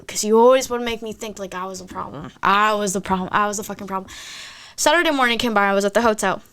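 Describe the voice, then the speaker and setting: A young woman in her twenties, a podcast guest, telling a story in casual chat, animated and swearing often as she acts out quotes. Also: mid-range voice, fast, clear, resonant tone.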